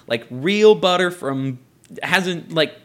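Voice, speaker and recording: A man's voice: on the high side, takes it slowly. A young man hosting a casual podcast in an apartment, telling stories animatedly and swearing a lot. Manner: profane, animated storytelling with frequent laughter. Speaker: podcast host. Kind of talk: casual chat.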